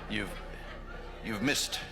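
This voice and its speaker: A man telling an amused, soft-spoken anecdote. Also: drawn-out words, some chatter behind, a little hiss or hum.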